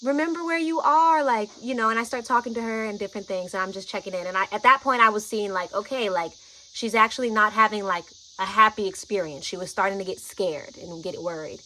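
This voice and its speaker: A woman vlogger telling a personal story, chatty and animated, often saying "like" and "y'all". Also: mid-range voice, fast talker, a little hiss or hum, low-quality recording.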